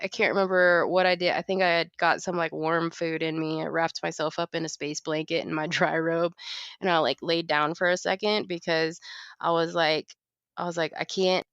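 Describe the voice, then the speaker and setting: A woman's voice: lowish voice, a bit bright, smooth, no echo. A woman co-hosting a podcast, telling a story in a casual chat and laughing often as she goes. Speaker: podcast co-host.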